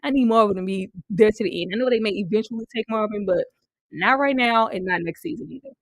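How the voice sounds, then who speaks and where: A woman's voice: mid-range voice, fast talker, no echo. A woman reviewing a TV series in a casual chat, playful and teasing, laughing often and apologizing between remarks.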